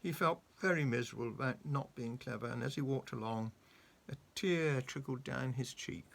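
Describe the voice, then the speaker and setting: A man reading a children's story aloud, animated and coaxing, stopping to ask the child questions. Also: medium pitch, normal speed, gravelly.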